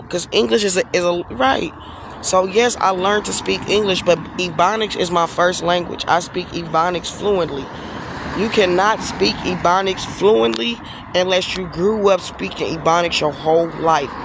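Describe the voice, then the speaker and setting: A man in his forties with a rather high voice, venting in a blunt, heated, profane way. He is recorded outdoors, with street and traffic noise clearly heard behind him. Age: 40s. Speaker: vlogger. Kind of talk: casual ranting monologue.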